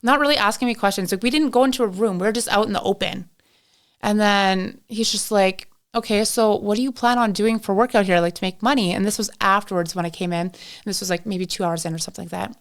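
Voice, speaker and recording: On a podcast, a young Canadian woman guest chats casually at a quick pace in a medium-pitched voice. She tells a long story, voicing both sides and using "like" as frequent filler.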